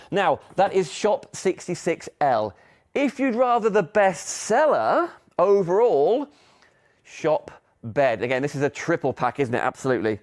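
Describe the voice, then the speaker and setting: A middle-aged man hosts a live shopping demonstration. He keeps up a chatty, upbeat sales patter and talks straight to the viewers in a slightly higher voice than most men. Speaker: shopping channel presenter.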